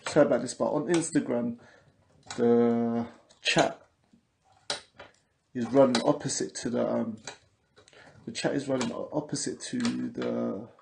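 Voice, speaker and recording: Gravelly London man, casual livestream host. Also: medium pitch, steady tone, unhurried, long pauses, background noise. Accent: London English. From England. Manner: chatty, repetitive, loose street slang. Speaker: podcast host. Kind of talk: casual livestream talk, reading viewer comments.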